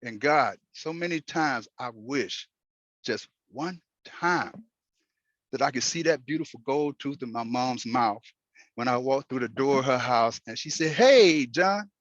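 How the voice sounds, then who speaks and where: A man telling a personal story while driving, in an earnest, halting way with many restarts. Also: mid-range voice, a bit bright, dry recording, muffled recording. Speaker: host. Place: in a moving car.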